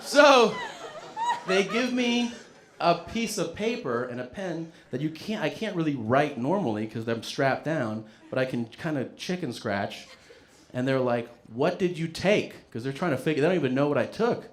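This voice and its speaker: A man's voice: fairly high pitch, lively intonation, moderate pace. Laughing, profane stand-up comedian man. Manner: casual, profane, laughs through his own story. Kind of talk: stand-up storytelling.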